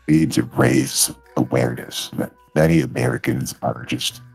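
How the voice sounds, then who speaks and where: An extremely deep, gravelly fork-faced creature, played by a man, rolling out smooth campaign-speech lines. The voice is thick with rasp and crackling fry, as if from a villain in a VR role-play. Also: steady tone, normal speed, faint music behind, heavily acted.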